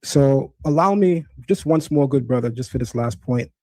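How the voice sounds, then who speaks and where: A man's voice: mid-range voice, lively intonation, moderate pace, mellow, no room sound. A man hosting a live stream, teaching Hebrew and debating a caller, emphatic and insistent, repeating points to drive them home.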